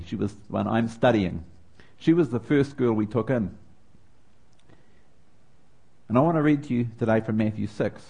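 A man's voice: mid-range voice, warm tone. Middle-aged new zealand guy preaching, storytelling sermon, gets emotional. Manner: personal storytelling with rising emotion.

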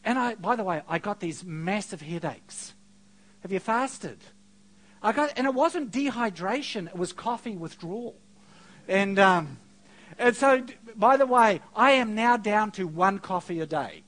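Animated preacher man, storytelling sermon. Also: high voice, unhurried. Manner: storytelling, self-mocking, swings between quiet and loud.

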